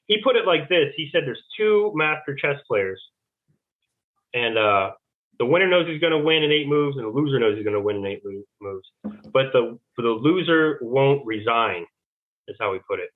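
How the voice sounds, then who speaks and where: A man's voice: mid-range voice, lively intonation, normal speed. A male American podcast guest recounting a story in a rambling way, full of restarts and filler words. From United States. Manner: rambling, fills speech with "like" and restarts. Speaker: podcast guest, Navy veteran. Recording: tinny phone-like line.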